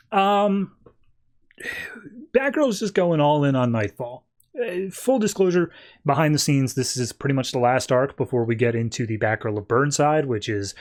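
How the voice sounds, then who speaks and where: A man's voice: mid-range voice, a little mellow. A man hosting a podcast, casually recapping comic book issues in a loose, chatty way full of filler words. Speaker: podcast host.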